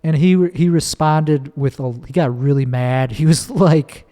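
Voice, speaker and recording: A man's voice: on the high side, measured pace, few pauses, dark tone. A man hosting his own podcast, rambling casually and swearing freely as he tells a story. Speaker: podcast host. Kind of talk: casual solo monologue. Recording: long echoing reverb.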